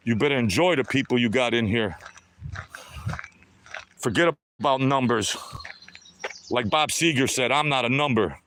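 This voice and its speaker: Walking outdoors along a lakeside trail, a vlogger in his sixties talks to himself in a chatty, upbeat way for a live stream. He speaks at normal speed with a mid-range, fairly bright voice and pauses often.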